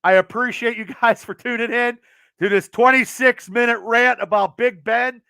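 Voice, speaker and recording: A man hosting a podcast, ranting passionately about his team with lots of swearing, swinging between loud outbursts and quieter stretches, his voice getting worn. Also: very high voice, fairly even intonation, normal speed, smooth, no room sound. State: losing his voice. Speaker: podcast host. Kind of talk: fired-up sports rant.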